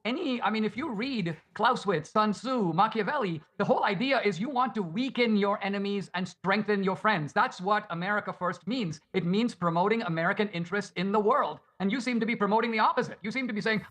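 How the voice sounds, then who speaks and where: A man's voice: high-pitched, a little fast, hardly any pauses, fairly bright tone. A man arguing in a debate, lecturing and asking rhetorical questions. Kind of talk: debate argument.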